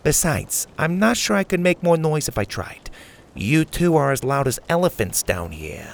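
A man's voice: a little high, big pitch swings, normal speed, gravelly, voice pushed up. A man voicing a playful, sly elderly grandmother in a storybook read-aloud, speaking in a teasing, lightly mocking way.

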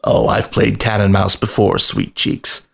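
A man voicing a big, domineering male lion in a storybook reading, speaking in a low, quiet, teasing way. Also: flat delivery, unhurried, vocal fry, exaggerated voice.

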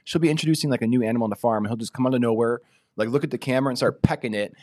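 A man's voice: medium pitch, very fast, a little mellow, no echo, studio quality. A man co-hosting a podcast, chatting casually in a playful, joking way. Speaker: podcast co-host.

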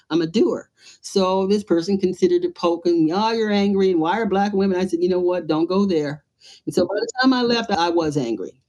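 A woman artist and playwright from the United States, telling a lively story in an interview, acting out voices and laughing often. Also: lowish voice.

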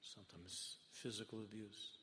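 Impassioned rabbi in a reverberant hall. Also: male voice, on the low side, level tone, normal speed, slight background noise. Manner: impassioned, rising to loud emphasis then dropping to hushed tones; mixes Hebrew and Yiddish terms into English. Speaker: rabbi giving a Torah class. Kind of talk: sermon-style Torah lecture.

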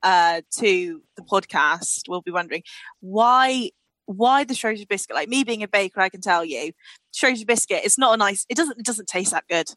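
A woman's voice: medium pitch, lively intonation, moderate pace, fairly bright tone, dry recording. A woman co-hosting a podcast, asking teasing questions in casual chat. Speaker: podcast co-host and interviewer.

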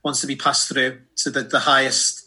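A man, telling a sweary, animated story in a casual chat. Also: medium pitch, moderate pace, husky. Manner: animated, sweary, acts out voices in anecdotes. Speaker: podcast co-host.

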